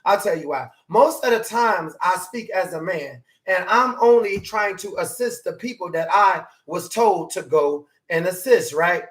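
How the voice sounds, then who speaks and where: A man preaching a motivational sermon, animated and hollering, his voice climbing higher as he makes his point. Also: a little slow, few pauses. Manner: voice climbs high when emphatic.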